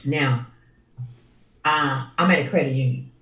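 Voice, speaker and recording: A woman co-hosting a podcast in casual chat, chatty and quick with asides as she tells her own story. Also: rumbling low, fairly bright tone, roomy sound, recorded from a distance, dull audio. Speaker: podcast co-host.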